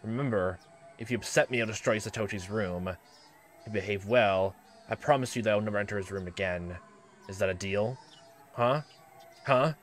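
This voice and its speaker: A man voicing an abusive, short-tempered middle-aged uncle who snaps and shouts in a raised, higher voice. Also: moderate pace, soft background music, natural voice. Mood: menacing, low. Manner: loud, snapping, bullying.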